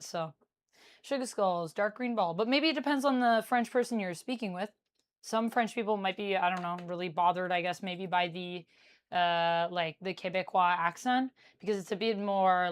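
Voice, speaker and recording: A woman's voice: medium pitch, moderate pace, clean tone. A young woman, chatting casually with her live-stream viewers as she bakes and reads their comments aloud. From Canada. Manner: chatty, reading chat aloud while baking.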